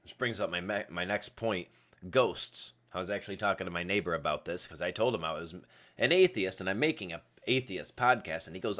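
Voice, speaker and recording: Low-voiced, rambling man podcasting. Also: lively intonation, fairly quick, fairly bright tone. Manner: rambling, goes off on tangents. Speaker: podcast host. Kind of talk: casual solo livestream podcast. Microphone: webcam setup at a computer.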